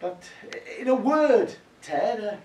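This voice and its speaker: A man's voice: high-pitched, big pitch swings, very slow, dark tone. A man doing a flustered, apologetic stand-up monologue, full of hesitations. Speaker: stand-up comedy performer. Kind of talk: stand-up sketch monologue to a live audience. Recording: echoey room, far from the mic, noisy. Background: audience laughter.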